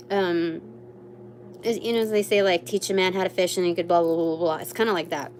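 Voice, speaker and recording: A woman's voice: fairly low pitch, slight background noise. A young woman doing a live tarot reading, rambling with many fillers and exclaiming over the cards. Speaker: tarot reader.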